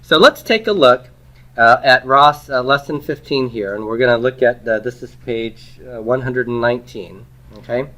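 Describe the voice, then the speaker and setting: A man's voice: medium pitch, moderate pace, a bit bright. A man teaching a Hebrew grammar lesson, explaining step by step, asking questions and then answering them himself, and checking in with "okay?" and "right?". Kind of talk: recorded classroom lecture.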